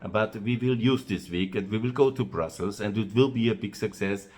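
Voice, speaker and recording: A man with an Austrian-accented English voice that sits a little low. He talks in an unscripted, rambling way, pausing on "uh" and circling back to repeat himself. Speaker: host of his own video channel. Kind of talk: monologue to camera.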